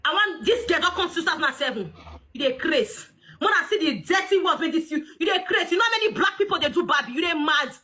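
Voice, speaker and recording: A woman with a Nigerian Pidgin accent hosting a casual livestream, loud and mocking, often laughing and shouting. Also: extremely high pitch, expressive, fast talker. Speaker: livestream host.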